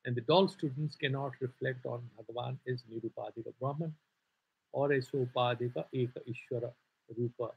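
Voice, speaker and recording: A man's voice: mid-range voice, fairly even intonation, a little fast, gravelly, breathy edge, phone-quality sound. A man with an Indian accent teaching a scripture class, explaining in a loose, digressive way full of "sort of" asides. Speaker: Vedanta teacher.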